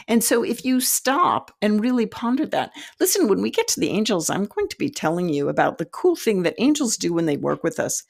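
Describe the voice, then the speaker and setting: A woman's voice: mid-range voice, very animated, moderate pace, creaky, hardly any pauses. A middle-aged woman giving an earnest, encouraging spiritual teaching talk to the camera, often breaking into light laughter.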